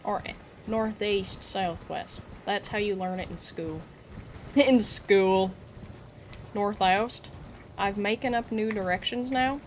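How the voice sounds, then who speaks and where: A woman talks casually through a live game stream, chatting with viewers and dropping playful asides. Her voice sits at an ordinary middle pitch and moves at an unhurried pace. Game sound with hoofbeats runs clearly under her. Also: a little hiss or hum. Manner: chatty, answers chat, playful asides and giggles.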